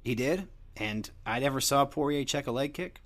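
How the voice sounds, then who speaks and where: A man's voice: mid-range voice, expressive, moderate pace, fairly bright tone. A young man hosting a show, rambling through a crude, joking casual monologue. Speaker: podcast host.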